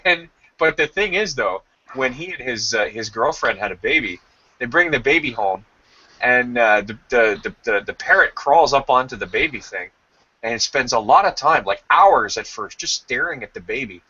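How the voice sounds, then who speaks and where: A man's voice: mid-range voice, expressive, moderate pace, bright, forceful tone, husky. A man hosting a casual chat, telling jokey anecdotes and acting out voices, on slightly dull lo-fi stream audio. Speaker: podcast host.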